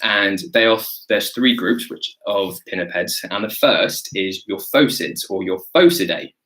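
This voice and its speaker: A man's voice: lowish voice, lively intonation, unhurried, bright, forceful tone, low-quality recording. A man, a zoologist, teaching a live online wildlife lesson in a chatty, enthusiastic way and answering viewer questions as he goes. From Britain.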